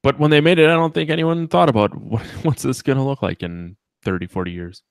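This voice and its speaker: A man's voice: mid-range voice, a little fast, creaky, smooth, dry recording. A man co-hosting a movie podcast in casual chat, dropping dry, joking asides. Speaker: podcast co-host.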